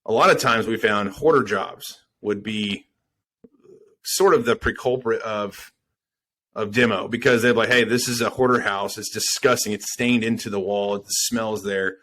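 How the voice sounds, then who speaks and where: A man's voice: fairly low pitch, steady tone, moderate pace, fairly bright tone, slight background noise. A man talking casually on a business podcast, rambling with fillers and swearing.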